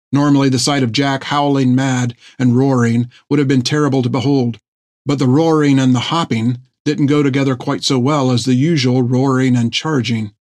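A man reading a story aloud in scripted narration, with an even storytelling manner. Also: mid-range voice, no echo, clean studio sound. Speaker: audiobook narrator.

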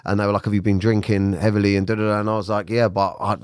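A man with a fairly low voice, hosting a casual podcast conversation. He speaks candidly and haltingly, restarting his sentences as he goes. The sound is close and dry. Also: level tone, smooth, no room sound. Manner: candid, hesitant restarts when speaking personally. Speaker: podcast host.

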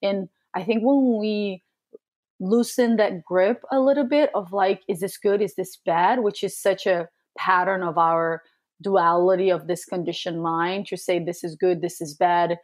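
A woman who works as a spiritual coach, talking as a podcast guest in a soft, reflective, emotionally open way with pauses and fillers. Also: on the low side, fairly even intonation. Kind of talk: casual podcast conversation.

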